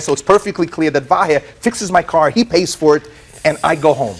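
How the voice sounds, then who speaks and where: Animated American man telling his story. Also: fairly high pitch, brisk, breathy edge. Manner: animated storytelling with repeated words and quoted voices. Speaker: plaintiff. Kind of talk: courtroom testimony.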